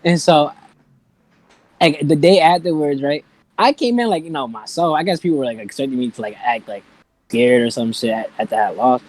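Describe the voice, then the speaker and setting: A man's voice: medium pitch, lively intonation, moderate pace, a little mellow. A young man co-hosting a casual podcast, laid-back and giggly, telling a story full of filler words. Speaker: podcast co-host.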